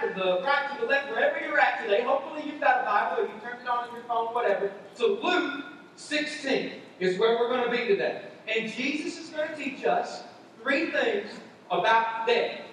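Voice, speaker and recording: A man's voice: extremely high pitch, fairly bright tone, slight background noise. A man preaching a sermon as a pastor, talking conversationally and repeating his points for emphasis, in a large church auditorium. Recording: echoey hall, heard from far off.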